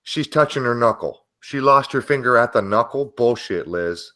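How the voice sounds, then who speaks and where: A man's voice: mid-range voice, moderate pace, pushed and bright, no echo, clean studio sound. A man chatting on an online talk show, blunt and skeptical, stammering on restarts. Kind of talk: casual conspiracy talk chat.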